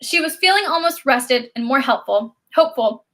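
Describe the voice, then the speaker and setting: An audiobook narrator with a high-pitched voice reads a children's novel at normal speed. She brings the story to life with expressive, lively delivery.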